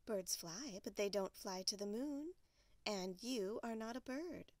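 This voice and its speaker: Woman reading as mother bear, calm, gently teasing, dry close sound. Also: mid-range voice, unhurried, dry recording, close to an everyday voice.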